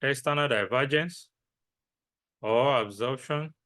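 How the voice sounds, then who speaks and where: Male trading teacher, slow and deliberate, bright voice, asks and answers his own questions. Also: medium pitch. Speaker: trading instructor. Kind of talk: lecture with repetition.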